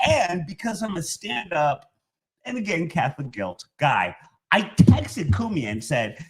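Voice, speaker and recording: A man's voice: on the high side, big pitch swings, measured pace, a bit bright. A man, a stand-up comedian guest, telling a rambling, self-deprecating story in casual podcast banter.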